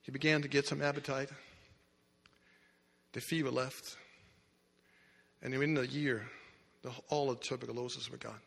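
Bright-voiced preacher man in echoey hall. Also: medium pitch, fairly even intonation, moderate pace, creaky, pauses often. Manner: emphatic, dramatic storyteller with restarts. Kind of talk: sermon storytelling.

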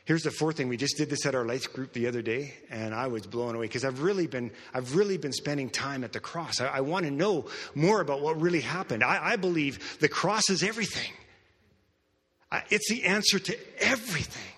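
An earnest male pastor preaches, moving between hushed passages and raised, emphatic ones. His voice is bright and forceful with a husky edge. He is heard in a church with a long, ringing reverb. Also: mid-range voice, lively intonation, a little fast. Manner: earnest, repeats words, swings from soft to loud. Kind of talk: sermon storytelling.

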